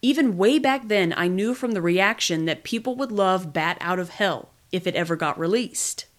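A woman reading a memoir aloud in the first person, with lively, expressive storytelling. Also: medium pitch, normal speed. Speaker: podcast reader.

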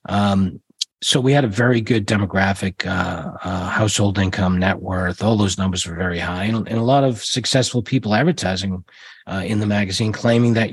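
A man's voice: fairly low pitch, brisk, husky, no echo. A middle-aged man, a guest in an interview, telling rambling stories with many restarts and fillers. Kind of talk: casual interview storytelling.

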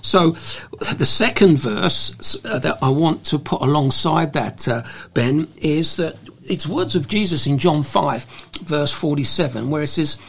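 A man with a slightly high, gravelly and husky voice talks through a faith topic as a guest. He is halting, often restarting and filling gaps as he goes. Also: expressive. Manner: hesitant, with many restarts and fillers. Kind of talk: conversational faith discussion.

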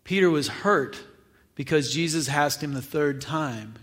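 A man's voice: fairly high pitch, measured pace, a bit bright. A man preaching a sermon, retelling a scripture reading in a casual, conversational way with acted asides. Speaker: pastor.

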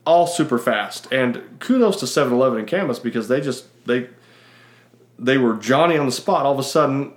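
A man in his forties from Utah, co-hosting a podcast and telling a story in a casual, animated way with frequent laughs. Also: mid-range voice, brisk, roomy sound. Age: 40s. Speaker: podcast co-host.

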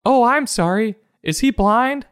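A man's voice: very high-pitched, lively intonation, a little slow, a bit bright, clear, resonant tone, pitched above the performer's own voice, exaggerated voice. A man putting on a prissy, indignant adult who complains about allergies in a comedy book review.

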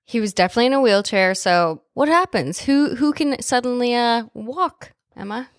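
A woman's voice: on the high side, lively intonation, no echo, clean studio sound. Blunt, swearing woman podcast co-host. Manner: blunt, swears freely, quick reactions. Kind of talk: casual film recap chat.

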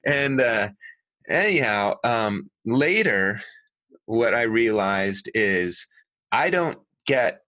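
Earnest bright-voiced man. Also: medium pitch, takes it slowly, no echo. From United States. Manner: earnest, animated, self-correcting. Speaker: guest, water harvesting designer and author. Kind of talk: conversational storytelling.

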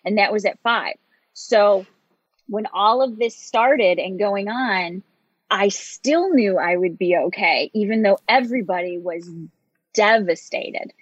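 A woman from Michigan, a guest and motivational speaker, telling her life story in an open, animated way and laughing often. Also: mid-range voice, dry recording. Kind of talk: conversational interview storytelling. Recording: dull lo-fi sound.

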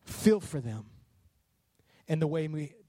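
A high-pitched man preaching with fiery passion, his voice climbing into shouts at the peaks. The sound is close and dry, with no room echo. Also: very animated, slow. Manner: passionate, rising to shouts on key lines. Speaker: pastor. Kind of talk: sermon.

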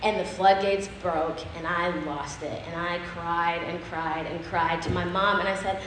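A woman speaking to an audience on a handheld mic, telling a personal story in an earnest, animated way. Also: mid-range voice, moderate pace. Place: room with an audience. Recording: echoey room, faint background noise.

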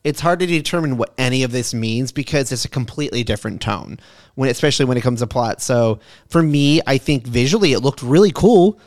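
A man's voice: medium pitch, animated, a little fast, a little mellow, no room sound, clean studio sound. A man co-hosting a casual movie podcast, rambling with fillers as he talks through a film. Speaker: podcast co-host.

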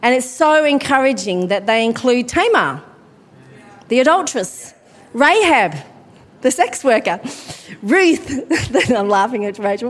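Female preacher with a high voice. Chatty and self-deprecating, recorded in a church hall with a long echo. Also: very animated, moderate pace. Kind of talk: sermon.

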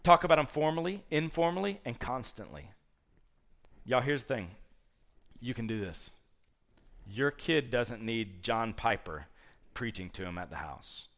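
A man's voice: mid-range voice, very animated, a little slow, pauses often, fairly bright tone. Folksy, conversational male preacher. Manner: conversational, storytelling, folksy asides. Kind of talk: sermon.

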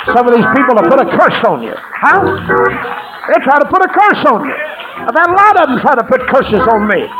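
A man preaching a lively sermon to a congregation, calling out for praise and answers. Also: extremely high pitch, dull audio. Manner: exuberant call-and-response preaching, shouts and laughs. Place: church sanctuary.

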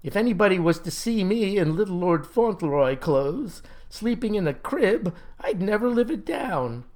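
Guy putting on a high whiny young dude, petulant and stammery, squeaks up when upset. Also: sing-song, normal speed, darkish tone. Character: petulant whiny young man, hungover ex-con.

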